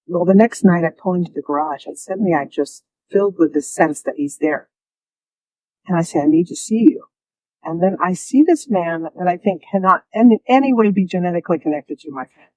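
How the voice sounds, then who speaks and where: A woman telling her own story as an interview guest, lively and often laughing, acting out the voices she quotes. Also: lowish voice, brisk, dry recording, poor audio.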